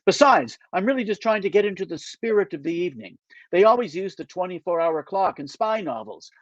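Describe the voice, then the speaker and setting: An eager, earnest man, a bit self-important and nervous, as an author reads him aloud from his novel. The voice is a touch high for a man. The recording is dull and dry. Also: very animated, a little fast, dry recording. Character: nervous eager young-ish man narrator.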